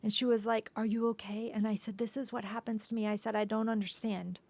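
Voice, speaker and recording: A woman guesting on a podcast haltingly retells a painful personal story, restarting often and frequently sinking to a soft whisper. Her voice is a little high, with flat delivery and vocal fry.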